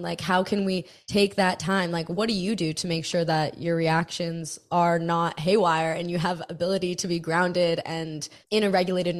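A woman hosting a casual, chatty conversation, upbeat, saying "like" a lot. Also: fairly low pitch. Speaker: podcast host.

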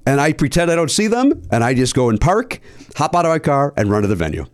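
Animated man telling a rambling story. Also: quick pace, no echo. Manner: animated, profane, jumps into high mock voices for quoted people. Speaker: podcast host. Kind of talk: casual storytelling chat.

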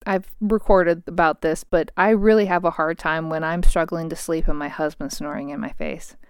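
A woman's voice: fairly low pitch, smooth, dry recording, clean studio sound. A woman in her thirties talking frankly at her home desk, venting in a casual solo monologue and swearing freely.

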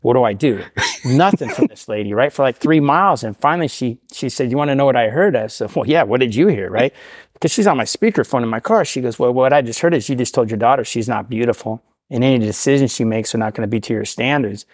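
Fast-talking middle-aged man telling a story. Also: medium pitch, no echo, clean studio sound. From Portland, Oregon area. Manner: animated storyteller, acts out quoted voices. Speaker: guest sharing recovery story. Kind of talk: casual storytelling.

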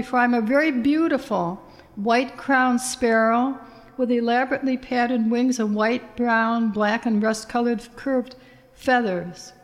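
A woman narrating a literary first-person story in a measured, expressive reading voice. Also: on the high side.

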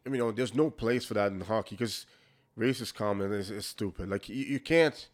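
Here the former hockey player from Quebec, Canada, talks in a lowish voice at a fairly quick clip. As a guest in a relaxed interview, he tells candid stories, keeps restarting his sentences, and acts out the exchanges he quotes.

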